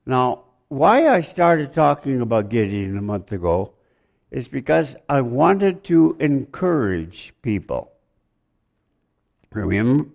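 A man's voice: medium pitch, creaky, darkish tone. A man preaching a sermon, rambling, joking with the congregation and asking them questions.

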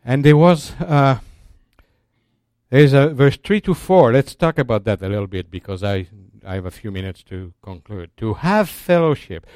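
A man teaching a sermon in a slow, deliberate, emphatic way, restarting his phrases often. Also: mid-range voice, animated, darkish tone, smooth, no echo, clean studio sound. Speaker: Bible teacher.

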